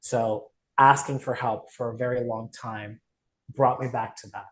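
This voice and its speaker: A man in a casual conversation, his voice in a middle register. He speaks candidly, opening up about personal struggles with clear emotion. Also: mid-range voice, steady tone, a little slow, fairly bright tone, low-quality recording. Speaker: coach.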